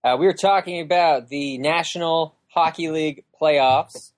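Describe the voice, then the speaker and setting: A man's voice: on the high side, unhurried, no echo. Young guy chilling on a podcast, kinda hesitant, dry close sound. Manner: laid-back, hesitant. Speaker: podcast co-host. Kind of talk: casual chat.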